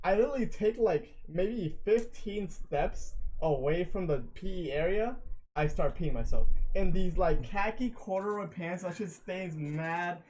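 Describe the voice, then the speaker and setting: A man's voice: high-pitched, measured pace, darkish tone, slight background noise, rough recording. A young man telling rambling stories on a casual late-night podcast, swearing often. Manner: rambling storyteller, swears a lot. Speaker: guest.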